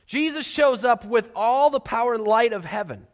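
Guy preaching, kinda high voice, goes soft and whispery sometimes, big echoey hall. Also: normal speed. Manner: animated storytelling, dropping to soft near-whispers for emphasis. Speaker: pastor. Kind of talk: sermon. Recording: long hall reverb.

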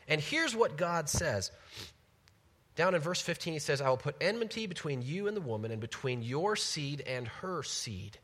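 A man giving a devotional Bible teaching, reading verses and talking them through in an animated, enthusiastic, conversational way. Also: medium pitch, long reverb tail.

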